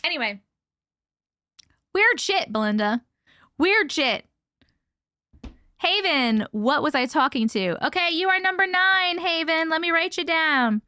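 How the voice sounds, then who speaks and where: A woman's voice: very high-pitched, moderate pace, hardly any pauses, sharp tone, dry recording, studio quality. A young woman with a Long Island accent, hosting a casual live stream chat, giggly and swearing freely as she reads comments aloud. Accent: Long Island New York. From Long Island, New York. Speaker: host.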